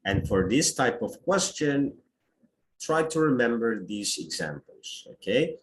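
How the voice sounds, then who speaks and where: A man's voice: mid-range voice, sing-song, a little slow, slight background noise. A man teaching a test-prep lesson, explaining step by step and checking in with frequent "okay"s.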